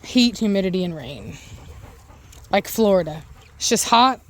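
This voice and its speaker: A woman's voice: medium pitch, lively intonation, measured pace. Chatty woman dog breeder filming outdoors. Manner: chatty, rambling, admiring. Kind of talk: casual vlog commentary. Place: outdoors in a yard with dogs.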